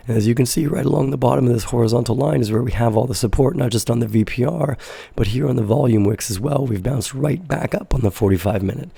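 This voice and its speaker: Hoarse low-voiced man with a gravelly rasp. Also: dark tone, dry recording. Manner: loose, rambling explanation with self-corrections. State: hoarse with a stuffy nose. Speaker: crypto trading show host. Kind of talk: casual live market analysis.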